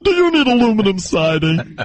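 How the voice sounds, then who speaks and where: A man's voice: sits high, sing-song, a little fast. A man mimicking a woman radio ad announcer who sounds like she is smiling too hard and on the brink of laughter. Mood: mocking. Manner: sing-song, on the brink of laughter. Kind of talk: mocking impression.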